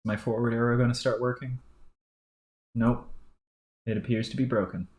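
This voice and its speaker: A woman's voice: rumbling low, flat delivery, normal speed, darkish tone. A woman reading a webcomic aloud, with offhand, chatty asides. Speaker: reader. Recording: roomy echo.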